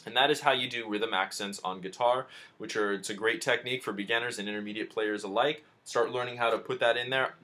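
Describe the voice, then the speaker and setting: A man's voice: on the low side, sharp tone. A man teaching a beginner guitar lesson in a chatty, informal way, talking straight to the viewer. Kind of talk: casual video lesson. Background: guitar playing.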